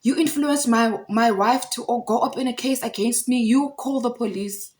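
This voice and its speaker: Give me an angry, abusive husband hurling accusations and threats, as a woman puts him on, with his voice pushed up high and loud, and his words tumbling out in heated bursts. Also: moderate pace, lightly acted. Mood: accusing. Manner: accusing, menacing.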